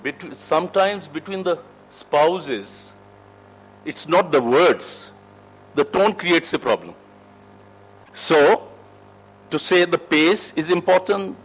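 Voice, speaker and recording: A man teaching a corporate soft skills class, emphatic and lively, who asks the group questions and answers them himself. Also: rough recording. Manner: emphatic, lively teacher with wide shifts in pitch and loudness. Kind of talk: classroom lecture. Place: training room with a group.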